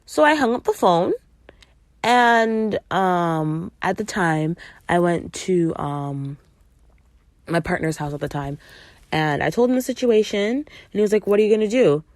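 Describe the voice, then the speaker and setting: A woman's voice: on the low side, animated, measured pace, dry recording. A young adult woman hosting a podcast, telling a story in a casual, emphatic way, swearing freely and acting out what people said. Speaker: podcast host.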